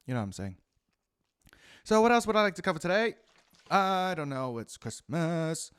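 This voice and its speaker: A man with a New Zealand accent ranting profanely through a rambling solo monologue, swinging between loud outbursts and muttered asides. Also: on the high side, big pitch swings, normal speed, long pauses, clean tone, dry recording. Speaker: podcast host.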